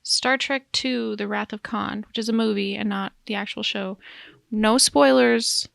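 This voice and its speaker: Woman co-host, casual and chatty, laughs at her own tangents, vocal fry, dry recording. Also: medium pitch, steady tone, unhurried, fairly bright tone, dry recording. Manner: chatty, giggly, rambling asides. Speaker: podcast co-host. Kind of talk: casual chat.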